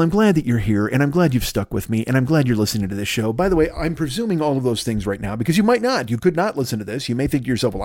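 A man in his fifties rambles through a solo podcast monologue at a rapid clip, swearing freely and mocking himself. He keeps jumping into exaggerated voices for imagined people. The sound is dry and close. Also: medium pitch, a little mellow, no echo. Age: 50s. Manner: profane, riffing, self-deprecating, leaps into exaggerated mock voices. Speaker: podcast host.

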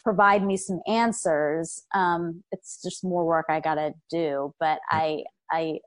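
Candid young woman, halting and reflective. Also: low-pitched, fairly even intonation. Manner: open, self-reflective, frequent fillers and restarts. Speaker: guest. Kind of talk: candid conversational interview.

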